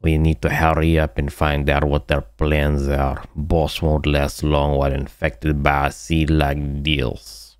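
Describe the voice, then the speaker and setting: A man voicing a grim male game character with an unplaceable put-on accent, reading lines slowly and quietly. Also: rumbling low, completely flat delivery, clear, resonant tone, no room sound, clean studio sound. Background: game music and gunfire.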